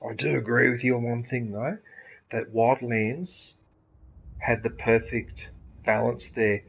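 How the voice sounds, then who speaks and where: A man with an Australian accent chatting casually while he plays a racing game, swearing freely and reacting out loud to the race. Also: medium pitch, fairly even intonation, a little slow, gravelly, slightly rough. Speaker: gaming channel host. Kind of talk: casual gameplay chat. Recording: noisy game audio behind.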